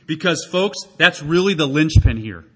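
Male pastor, high husky voice, animated sermon delivery. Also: normal speed. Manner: animated, acts out quoted voices.

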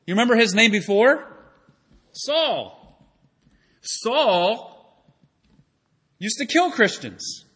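A man delivering a sermon with a high, bright, slightly husky voice. He preaches animatedly and acts out the voices of the people in his story. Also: very animated, slow, long pauses. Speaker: pastor.

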